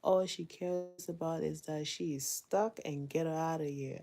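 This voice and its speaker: Low, gravelly-voiced mom chatting. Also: female voice, steady tone, measured pace, hardly any pauses, mellow. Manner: candid, chatty, laughs often. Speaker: mother vlogger. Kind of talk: casual chat while doing chores.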